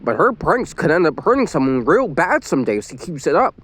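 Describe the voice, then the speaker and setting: A man voicing a cautious, sporty teenage girl in a measured tone. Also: a little high, big pitch swings, fairly bright tone, voice pushed up.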